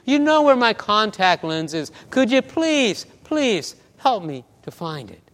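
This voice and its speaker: A man's voice: sits high, sing-song, measured pace, fairly bright tone, big-room sound, pitched above the performer's own voice, exaggerated voice. A man voicing a young woman who prays, pleading and hopeful, within a sermon. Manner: pleading prayer.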